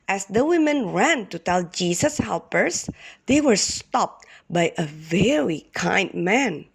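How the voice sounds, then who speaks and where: A woman teacher reading a Bible story aloud to kindergarten children, expressive and asking them questions. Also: mid-range voice, slow, vocal fry, husky. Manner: expressive, addresses the children directly.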